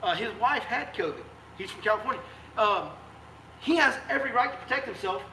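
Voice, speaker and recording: A man's voice: high voice, expressive, brisk, sharp tone, slight background noise. A man, a fishing guide hosting a live stream, delivering a fiery, emphatic rant full of repeated rhetorical questions. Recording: echoey room sound.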